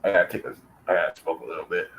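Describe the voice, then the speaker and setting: A man's voice: sits low, fairly even intonation, rapid-fire, fairly bright tone, poor audio. An American man delivering an angry, profane vlog rant, taunting and calling out his target directly. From United States. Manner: profane and confrontational. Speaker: vlogger.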